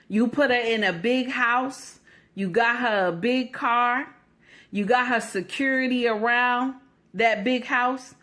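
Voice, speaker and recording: A woman's voice: on the high side, slow, fairly bright tone. A woman hosting a commentary show, sarcastic and mocking, repeating her lines with rising emphasis. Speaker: host.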